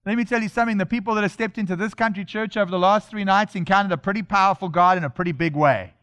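Man preacher with a high voice, delivering an emphatic church sermon that builds through repetition. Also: very fast, a bit bright, clean tone.

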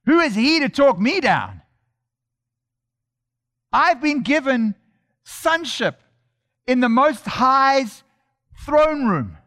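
Man, high voice, preaching a sermon, emphatic, repetitive rhetoric, church setting. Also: very animated, slow, pauses often, sharp tone.

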